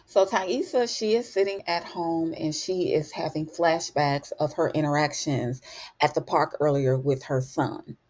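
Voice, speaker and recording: Woman w a low voice gossiping thru a tv recap, chatty, lots of "you know" and "honey". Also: a little slow, darkish tone. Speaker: TV recap host. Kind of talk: casual episode recap.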